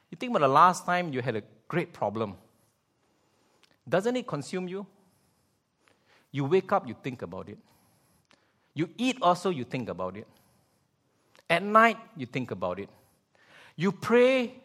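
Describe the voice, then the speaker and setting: Pastor, male; animated sermon with rhetorical questions, fairly high and very expressive. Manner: animated, rhetorical questions, vocal sound effects.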